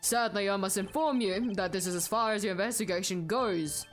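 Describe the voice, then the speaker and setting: A woman voicing a pompous, commanding male head of state in a game, speaking in slow, grandiose declarations. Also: medium pitch, faint music behind, lightly acted.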